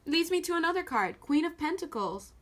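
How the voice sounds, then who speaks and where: Blunt, animated woman reading tarot cards. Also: very high-pitched, a little fast. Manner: intonation shifts a lot, animated and blunt with swearing. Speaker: tarot card reader. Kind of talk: casual spoken tarot reading to viewers. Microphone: camera filming the cards on a table.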